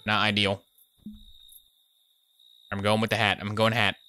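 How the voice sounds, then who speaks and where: A man's voice: on the low side, completely flat delivery, unhurried, music in the background. A young man commenting on his gameplay live, joking and muttering asides into a desk microphone. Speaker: gaming streamer.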